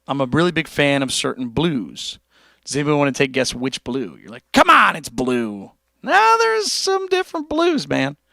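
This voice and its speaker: A man hosting a livestream who chats casually with his viewers and reads out their comments. He talks in an animated, joking way and swears freely. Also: a little high, no room sound, clean studio sound. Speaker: livestream host and guitarist.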